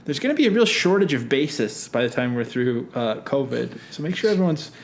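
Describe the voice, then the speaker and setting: A man's voice: mid-range voice, big pitch swings, a little fast, a little hiss or hum. Chatty man co-hosting a podcast. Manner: chatty, laughs easily. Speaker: podcast co-host. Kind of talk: casual chat.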